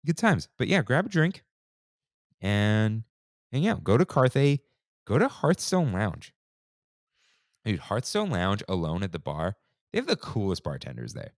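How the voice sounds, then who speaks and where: Laid-back, low-voiced podcast host. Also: male voice, huge pitch swings, unhurried, pauses often, dry recording, clean studio sound. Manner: laid-back, slangy, says "dude" and "like" often. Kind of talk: casual chat.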